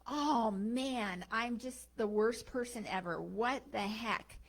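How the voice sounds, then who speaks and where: A woman's voice: medium pitch, a little slow, gravelly, breathy edge. Woman doing an eager, flustered woman. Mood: upset. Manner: flustered, chatty. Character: eager woman who catches a bird.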